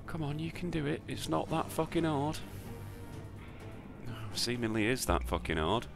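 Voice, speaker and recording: Over music, a British man speaks at normal speed in a mid-range voice with vocal fry and big pitch swings. He casually commentates his slot spins with sarcasm and swearing, muttering to himself between outbursts.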